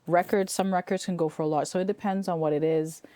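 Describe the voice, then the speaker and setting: A woman talking as a guest in an interview about running estate sales. She is chatty and animated, laughs often and restarts her sentences. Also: lowish voice, fast talker, no echo. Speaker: estate sale owner and real estate agent, guest. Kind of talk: casual interview chat.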